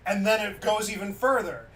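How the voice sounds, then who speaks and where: A man streaming in a casual chat, retelling a story in a loose, animated way with many fillers. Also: high-pitched. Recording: distant mic with faint background noise.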